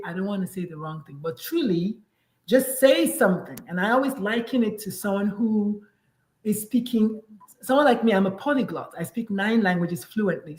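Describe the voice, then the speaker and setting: A woman from Nigeria hosting a casual chat, animated and acting out little dialogues as she explains her point. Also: medium pitch, roomy sound, poor audio. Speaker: podcast host and parent coach.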